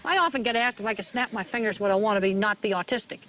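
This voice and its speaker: A woman's voice: mid-range voice, very fast, pushed and bright, slight background noise. Plain-spoken woman explaining her views. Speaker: interviewee. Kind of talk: interview talk.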